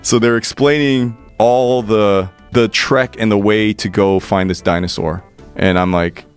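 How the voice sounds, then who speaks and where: A man telling a personal story in an animated, excitable way, swearing freely and restarting his sentences. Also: lowish voice, unhurried, smooth, faint music behind. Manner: profane, excitable, stammering restarts.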